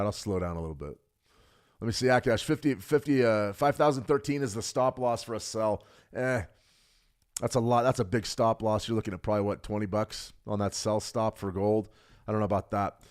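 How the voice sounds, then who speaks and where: A middle-aged man hosting a live trading stream, talking fast and joking with viewers while he reads the chat. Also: medium pitch, clean tone. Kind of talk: live market analysis, reading chat.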